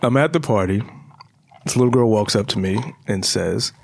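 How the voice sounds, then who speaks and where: Gravelly, husky middle-aged man. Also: fairly low pitch, normal speed, darkish tone. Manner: laughs often, acts out quotes. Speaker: podcast co-host. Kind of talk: casual banter.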